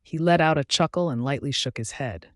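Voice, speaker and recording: A man narrating a fantasy romance audiobook in the first person, in an even storytelling delivery. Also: fairly high pitch, a little fast, no room sound, studio quality.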